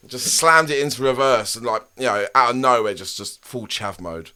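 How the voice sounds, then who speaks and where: A man's voice: medium pitch, moderate pace, bright, forceful tone. A man, telling rambling stories on a casual podcast, laughing and swearing as he goes. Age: 30s. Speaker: podcast co-host. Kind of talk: casual chat.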